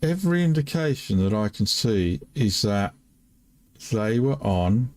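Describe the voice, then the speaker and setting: A man's voice: fairly low pitch, animated, a little slow, darkish tone. An older man from the UK commentating on his live game stream, puzzled, talking to himself in broken half-sentences. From United Kingdom. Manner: baffled, muttering to himself with trailing half-sentences. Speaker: gaming streamer.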